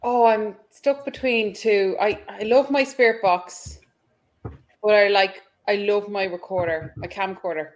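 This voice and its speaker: A woman's voice: medium pitch, fairly even intonation, measured pace. A woman, a guest paranormal investigator, chatting casually and mostly adding brief agreeing remarks. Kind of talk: casual chat.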